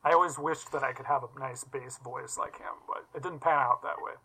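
Guy with a bright voice, chill and wry, chatting w old friends on a podcast. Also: mid-range voice, steady tone, fairly quick, breathy edge, low-quality recording. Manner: easygoing, wry, trails off. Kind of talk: casual chat among old friends.

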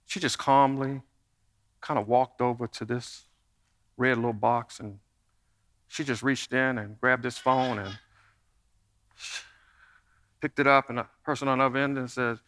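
A middle-aged man, the pastor, giving an earnest, conversational sermon to his church that drops to a soft hush in prayer. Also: medium pitch, steady tone, measured pace, long pauses. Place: church sanctuary. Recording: long reverb of a large church hall.

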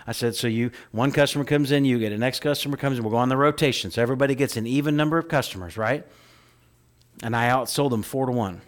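A man's voice: mid-range voice, fast talker. Conversational male pastor preaching. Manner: conversational, asks the congregation "right?"; swings between loud emphatic lines and soft hushed lines. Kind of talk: sermon.

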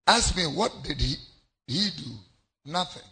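A man with a Ghanaian accent preaching a sermon, repeating his phrases and breaking into sudden shouts. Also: on the high side, animated, unhurried, slightly rough. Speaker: pastor.

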